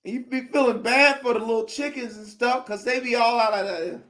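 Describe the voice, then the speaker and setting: A man telling funny stories in casual, slangy chat, laughing loudly between bits. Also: very high voice, brisk. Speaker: comedic storyteller.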